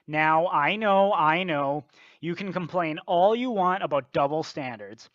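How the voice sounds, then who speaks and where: A man's voice: a little high, lively intonation, a little slow, dry recording, dull audio. A man giving blunt, lecturing scripted commentary on a video.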